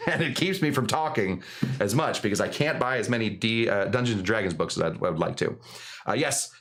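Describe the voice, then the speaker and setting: This is the host of a live cocktail stream, a man whose voice is mid-pitched with a touch of brightness. He talks in a loose, joking, meandering way, leaning heavily on fillers.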